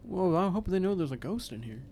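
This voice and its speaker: A man's voice: high-pitched, big pitch swings, brisk, darkish tone, a little hiss or hum. A man playing a tabletop game, joking and swearing casually. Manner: joking, profane banter. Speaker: player. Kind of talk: casual chat.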